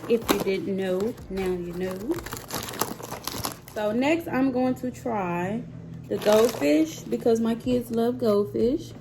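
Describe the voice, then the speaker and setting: Slow-talking woman, chatty vlogger. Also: on the high side, background noise. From Mississippi, USA. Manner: chatty and playful, talking straight to viewers. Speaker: mother and vlogger tasting snacks. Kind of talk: casual chat to camera.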